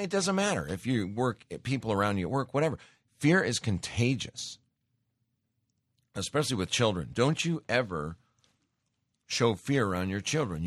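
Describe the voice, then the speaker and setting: A man's voice: fairly low pitch, dry recording, studio quality. A man preaching a sermon, reading scripture aloud and exhorting his listeners in an emphatic, direct way.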